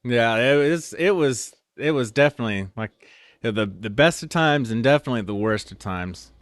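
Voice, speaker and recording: A man's voice: mid-range voice, expressive, normal speed, no echo. A man telling funny stories in a casual, rambling way, full of "like" and "you know.". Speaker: storyteller guest. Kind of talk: casual anecdotal storytelling.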